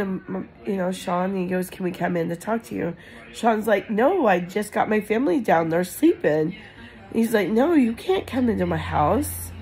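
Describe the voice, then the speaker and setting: A woman's voice: mid-range voice, darkish tone, low-quality recording. Woman telling a personal story. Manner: rambling, emotional retelling with many fillers. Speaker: crafting channel vlogger.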